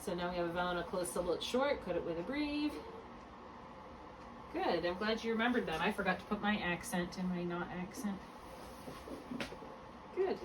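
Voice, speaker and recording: A woman tutoring one-on-one in a phonics lesson, patient and encouraging, slowly spelling out letters and sounds. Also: on the low side. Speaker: reading tutor. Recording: distant mic with clear background hum.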